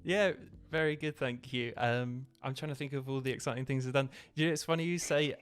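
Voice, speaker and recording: A man's voice: medium pitch, brisk, clean tone. English guy from the southwest, chatty and self-deprecating, light music under. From southwest England. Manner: self-deprecating, rambling with restarts. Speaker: guest. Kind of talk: casual video-call chat.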